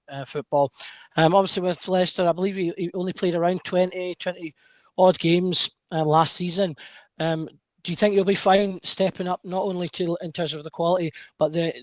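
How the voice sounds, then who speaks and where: A man with a fairly high voice hosts a podcast and puts listener questions to a guest. He speaks hesitantly, with plenty of ums. The recording is close and dry. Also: no echo. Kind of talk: casual podcast chat.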